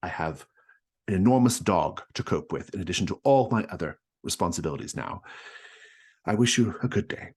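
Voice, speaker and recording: A curt, weary office manager with a low, dry delivery, as a man plays him. He talks brusquely and waves people off, his deep voice staying flat and businesslike. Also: a little fast, slightly rough. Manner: brusque, dismissive.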